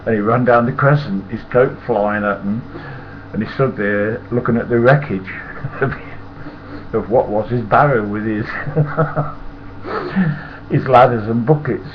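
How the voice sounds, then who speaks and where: A man's voice: mid-range voice, takes it slowly. An older man with a Nottingham accent, telling casual, rambling anecdotes, chuckling and swearing freely. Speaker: storyteller. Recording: muffled lo-fi with loud hiss.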